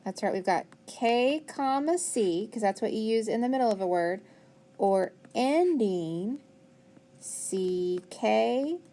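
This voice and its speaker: A woman's voice: fairly high pitch, mellow. A woman teacher giving a phonics lesson to young pupils, asking questions, praising their answers and spelling words out letter by letter. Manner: patient, praising, asks questions and answers them; spells letters out one at a time.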